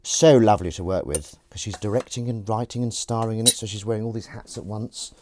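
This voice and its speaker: A man's voice: brisk, a little mellow, a little hiss or hum. A man hosting a casual live stream, rambling and self-mocking, chatting as he goes. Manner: rambling, self-mocking and chatty, slipping into a high sing-song voice to coax his cat. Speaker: host. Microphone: fixed streaming mic.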